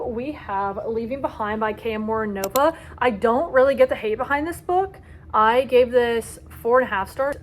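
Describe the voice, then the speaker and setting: Young woman book vlogger, dramatic and gushing, a touch high-voiced. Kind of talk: casual book review vlog.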